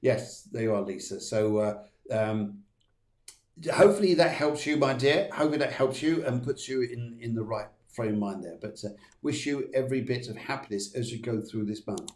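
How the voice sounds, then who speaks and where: Rambling, upbeat psychic host. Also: male voice, medium pitch, expressive, moderate pace, a little mellow, roomy sound. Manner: rambling, many fillers and restarts, chatty and upbeat. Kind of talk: live-streamed card readings.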